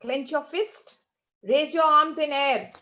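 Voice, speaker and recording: A woman's voice: high-pitched, slow pace, sharp tone, highs cut off. A woman leading an online motivational workshop, guiding listeners through exercises with repeated instructions. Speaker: speaker leading an online session. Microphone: video call.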